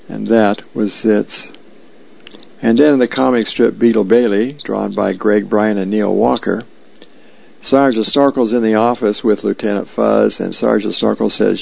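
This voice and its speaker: A man on the radio reading comic strips aloud, calmly describing each frame. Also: fairly low pitch, unhurried, gravelly. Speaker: radio reader. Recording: dry, slightly dull lo-fi sound.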